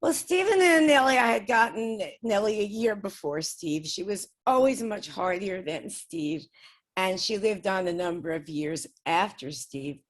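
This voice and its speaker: A woman's voice: mid-range voice, lively intonation, unhurried. A woman speaking as an interview guest, telling a personal story in a casual, chatty way with frequent small laughs. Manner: chatty, laughs often between sentences. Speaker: guest describing spirit communication experiments.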